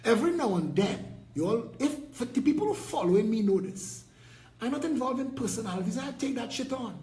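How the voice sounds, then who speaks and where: A man's voice: extremely high pitch, expressive, fairly quick, darkish tone, reverberant, low-quality recording. A man with a Trinidadian accent, a political party leader delivering an impassioned, combative and preachy rant with mocking jabs.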